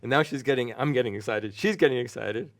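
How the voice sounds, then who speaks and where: A man's voice: medium pitch, fast talker. A middle-aged man in a mid-range voice tells a story from his therapy practice. He animates it by playing out the dialogue and laughs often as he makes his point. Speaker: psychotherapist guest. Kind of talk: conversational storytelling.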